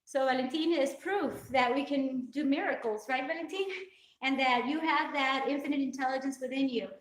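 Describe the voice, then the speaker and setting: Tearful high-voiced woman in echoey room. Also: moderate pace, far from the mic. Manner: heartfelt, rambling, earnest. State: tearful, crying. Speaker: fitness vlogger hosting a livestream. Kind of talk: emotional live-stream talk to viewers.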